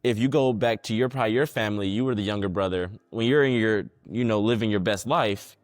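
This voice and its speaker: Low-voiced, searching man hosting a podcast. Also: fast, dry recording. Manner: questioning, repeats words while searching for thoughts. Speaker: podcast host. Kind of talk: casual podcast conversation.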